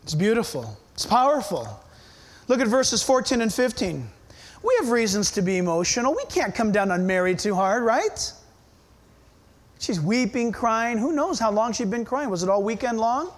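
A man's voice: high voice, animated, moderate pace. A man preaching a sermon as pastor, emphatic and firing rhetorical questions at his listeners.

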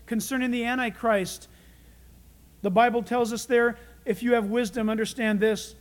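High-voiced man preaching dramatically. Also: normal speed. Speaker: pastor. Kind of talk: sermon.

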